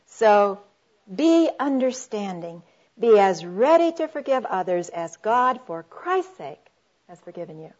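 A middle-aged woman speaks earnestly to a live audience about marriage, in the manner of a sermon, quoting scripture and calling the listeners her friends. Her voice sits at an ordinary pitch for a woman. The recording is dull and slightly lo-fi.

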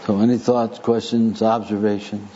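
A man preaching a sermon to a live audience, speaking deliberately with dry humor. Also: on the low side, little pitch movement, dark tone. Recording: muffled recording with faint noise.

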